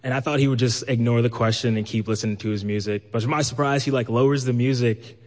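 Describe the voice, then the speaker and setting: A man from Brooklyn telling a personal story live, lively and acting out the voices he quotes. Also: mid-range voice, fast talker. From New York, Brooklyn. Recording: long hall reverb.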